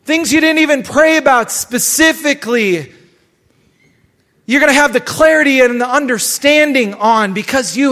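High-voiced pastor preaching in a reverberant church. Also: male voice, fairly bright tone. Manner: exhorting, repeats phrases for emphasis. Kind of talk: live sermon. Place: church sanctuary. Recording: long church hall reverb.

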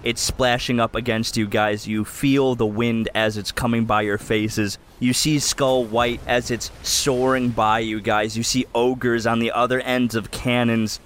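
A man's voice: medium pitch, flat delivery, a little slow, few pauses, a bit bright, slight background noise. A man running a tabletop game as game master, narrating the scene in vivid detail. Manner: vivid descriptive storytelling.

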